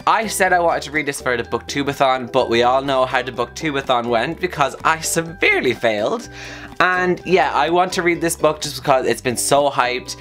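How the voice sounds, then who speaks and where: A man's voice: mid-range voice, normal speed, faint music behind. Upbeat young man with a sore throat. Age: young adult. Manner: upbeat, chatty, excitable. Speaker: book vlogger. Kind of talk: casual chat to camera.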